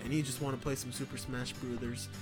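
A man's voice: mid-range voice, level tone, fast, over music. A man hosting a casual podcast, reading the sponsor ads in a goofy, jokey way and stumbling over web addresses. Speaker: podcast host.

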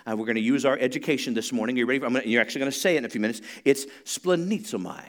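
Guy preaching a sermon, chatty teaching then gets loud and climbs way up in pitch, has the crowd repeat words back. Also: steady tone, racing. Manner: conversational teaching that builds to loud, high-pitched emphasis; leads the congregation in call-and-response. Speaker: pastor.

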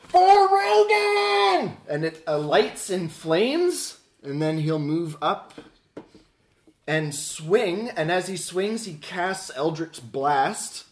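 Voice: mid-range voice, lively intonation, takes it slowly. A tabletop game player who talks hesitantly, thinking aloud about moves and rolls.

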